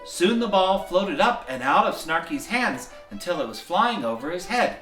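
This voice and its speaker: A man in the role of Santa, reading a bedtime story in a gentle, chuckling, folksy way. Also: sits high, sing-song, moderate pace. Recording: echoey room, mic at a distance, soft music.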